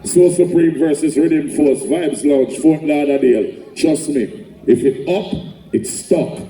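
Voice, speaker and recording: A man MCs a sound clash, his voice deep-toned and mellow yet pitched a little high. He rambles through shout-outs in loose patter. He is caught from a distance in a big, echoing venue. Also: a little slow. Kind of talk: hyping a live crowd. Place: large live event venue. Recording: roomy, distant live recording.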